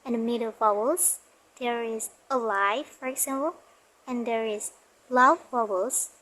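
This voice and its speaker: A young woman giving a class presentation, reading from notes and repeating example words slowly. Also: a little high, fairly bright tone, slight background noise, rough recording. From Indonesia. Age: young adult. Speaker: university student.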